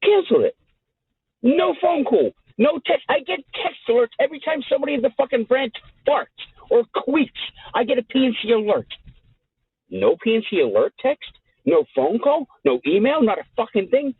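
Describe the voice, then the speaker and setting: A man hosting a show and telling a story in a casual, profane, animated way, acting out the people in it, with a tinny, dry sound. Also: very high-pitched, moderate pace, breathy edge, dry recording. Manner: animated, profane, acts out the people in his stories. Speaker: host.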